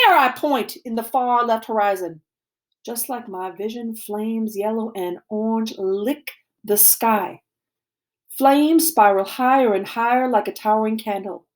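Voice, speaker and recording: A woman reading a novel aloud to a class, expressive and dramatic, sometimes dropping to a hushed voice. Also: fairly high pitch, measured pace. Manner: expressive, dramatic, drops to a hushed voice for tense moments.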